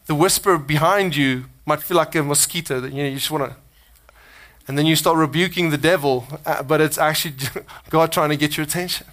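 A male pastor delivering a loose, conversational sermon, his voice sitting a little higher than most men's. He speaks earnestly and with animation, often doubling back on words mid-sentence. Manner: earnest, animated, with frequent restarts and repeated words.

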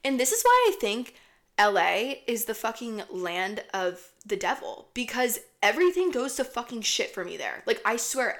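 A young woman hosting a podcast, telling a story in a casual, rambling, profanity-laced way. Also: on the high side. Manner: profane, rambling, animated retelling. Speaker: podcast host.

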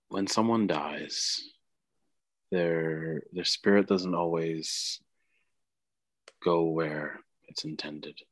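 A man voicing a gentle, sorrowful grandmother spirit who speaks softly and haltingly. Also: low voice, no echo, exaggerated voice.

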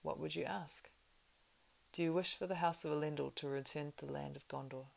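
Grave male ranger, read by a woman; low, gravelly, measured and solemn storybook delivery. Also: fairly even intonation, heavily acted. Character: weathered grave male ranger, heir of kings.

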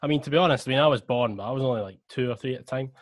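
Young man, Scottish accent, mid pitch, animated, slangy, dry sound, casual chat. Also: rapid-fire, no room sound. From Scotland. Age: young adult. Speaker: podcast co-host.

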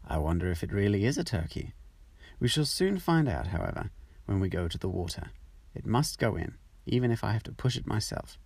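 A man's voice: lowish voice, sing-song, brisk, creaky, darkish tone, husky, no echo, exaggerated voice. A man voicing a fussy, proud mother duck in a storybook reading, anxious and doting. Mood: puzzled.

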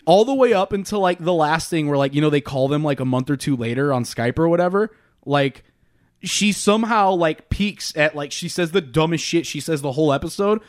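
Rambling young man, slightly high voice. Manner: rambling, filler-heavy and profane. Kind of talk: casual chat.

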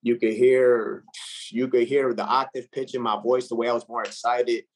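Man, recording artist, casual interview, earnest, reflective, filler-heavy speech, mid-pitched voice. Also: level tone, moderate pace.

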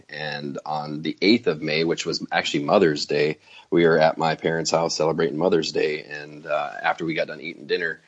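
A young man and new father telling stories in casual podcast chat, halting and full of fillers. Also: rumbling low. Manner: halting, filler-heavy storytelling. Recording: dull lo-fi sound.

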